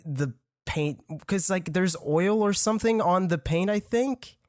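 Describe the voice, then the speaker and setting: A man's voice: sits high, unhurried, a little mellow, no room sound, studio quality. A young man in his twenties with a French accent, a native French speaker, telling a rambling, profane story in casual podcast chat with frequent laughs. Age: 20s. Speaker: podcast guest.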